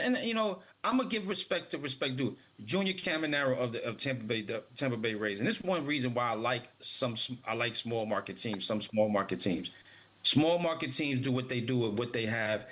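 A man's voice: medium pitch, bright, forceful tone, slightly rough. A man co-hosting a casual sports talk show, speaking emphatically and often repeating words as he starts his points.

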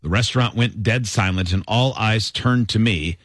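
A man's voice: fairly low pitch, moderate pace, dry recording. A man in his twenties hosting a talk radio show in a studio, telling stories with self-mocking humor. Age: 20s. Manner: animated storyteller, self-mocking. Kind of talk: lively talk radio chat, reading listener stories.

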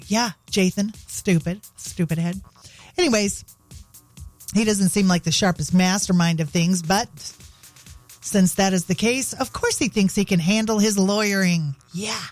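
A woman radio host tells a story with a teasing, giggly delivery. Her pitch sits in an ordinary middle range. Faint music plays softly under her voice. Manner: playful, giggly, mocking. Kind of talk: casual radio chat.

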